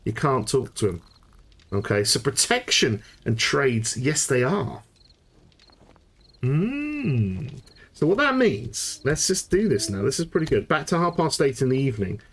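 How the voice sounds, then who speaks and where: A man hosting a live gameplay tutorial, thinking aloud and getting excited as he works things out, often restarting sentences. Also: medium pitch, a little slow, husky. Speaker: tutorial host.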